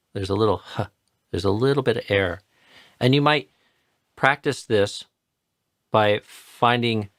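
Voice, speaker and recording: A man's voice: fairly low pitch, no echo, studio quality. A man patiently explaining and modeling pronunciation in a live chanting tutorial. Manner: patient, explanatory, repeats words slowly to model sounds. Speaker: chanting teacher.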